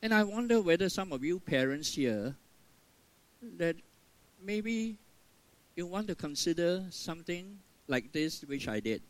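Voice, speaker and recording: An older man, a pastor, preaching an earnest sermon, stressing key words and then dropping to a soft, quiet tone. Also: on the high side, big pitch swings, unhurried, no room sound, low-quality recording.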